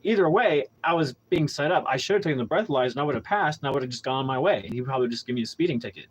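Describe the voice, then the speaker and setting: A man's voice: medium pitch, animated, very fast, low-quality recording. Young male podcast host, unscripted monologue, blunt and profane, rambling with frequent restarts. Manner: candid storytelling with heavy profanity. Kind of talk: casual monologue.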